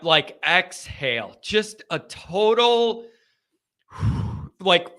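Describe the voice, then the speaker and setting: A man hosting a live sports reaction show, talking casually with an emphatic, excitable, ranting manner. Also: high-pitched. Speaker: sports fan show host.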